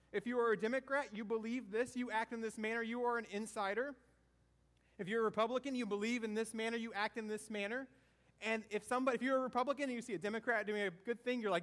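Man, high voice, southern-born preacher, conversational sermon, questions to the congregation, repeated phrases. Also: fairly bright tone. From American South. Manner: asks the audience questions, repeats key phrases.

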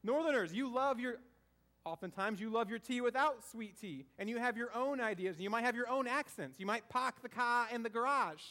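A man's voice: very high-pitched, brisk, sharp tone. A man from the American South giving a conversational sermon, asking the congregation questions and repeating key phrases. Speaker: preacher.

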